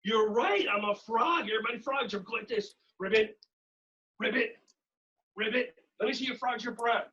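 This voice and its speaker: A woman's voice: fairly high pitch, quick pace, hardly any pauses, fairly bright tone, breathy edge. Cheerful woman coaching kids, distant muffled audio. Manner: cheerful, coaching, playful animal sounds. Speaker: children's movement instructor. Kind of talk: leading a kids' animal movement game.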